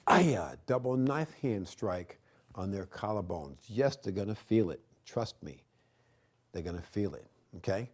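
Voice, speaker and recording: A middle-aged man hosting a TV show as a karate instructor, energetic and preachy, repeating his points and shouting martial arts cries. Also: fairly low pitch. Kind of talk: martial arts lesson with motivational talk. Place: TV studio.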